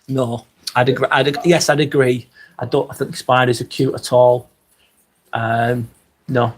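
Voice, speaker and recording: A man's voice: mid-range voice, normal speed, a little hiss or hum. Casual Lancashire man on a livestream. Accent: Lancashire, Northwest England. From Northwest England. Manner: casual, chatty, swears freely. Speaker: livestream host. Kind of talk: live stream chat reading.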